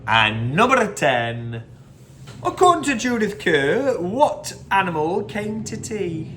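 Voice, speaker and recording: A man's voice: high voice, very animated, takes it slowly, bright, forceful tone, slight background noise. A man hosting a casual pub-style quiz, reading each question twice and drifting into short anecdotes, recorded on a phone. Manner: chatty, repeats each question, wanders into anecdotes. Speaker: quiz host.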